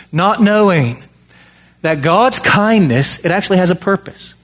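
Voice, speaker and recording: A man preaching an expository sermon, emphatic, with many rhetorical questions. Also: mid-range voice.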